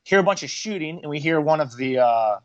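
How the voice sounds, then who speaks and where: A man's voice: a little high, animated, a little fast, no echo, lo-fi sound. A man, a former Marine, telling war stories casually on a podcast, acting out quotes in raised voices. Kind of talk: casual storytelling.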